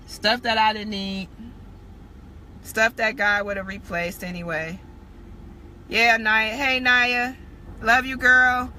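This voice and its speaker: Woman preaching straight up on a live stream, cusses a lot, middle pitch, bright edge. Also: a little hiss or hum. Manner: candid, preachy, swears freely. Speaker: spiritual teacher. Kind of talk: casual live-stream testimony.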